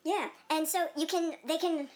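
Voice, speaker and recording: A woman's voice: very high-pitched, steady tone, moderate pace, a little mellow. A young woman in casual chat, rambling with many fillers and laughing often.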